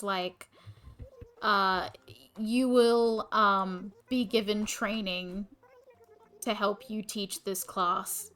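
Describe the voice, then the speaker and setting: A woman's voice: mid-range voice, pushed and bright. A woman in her twenties, a teacher who livestreams, venting in casual chat and swearing often. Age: 20s. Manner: exasperated venting, frequent swearing.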